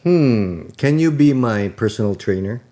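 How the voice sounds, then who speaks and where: A man's voice: mid-range voice, animated, measured pace, warm tone. A man co-hosting a podcast in easygoing, casual chat. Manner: easygoing, laughs, switches into Tagalog. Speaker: podcast co-host.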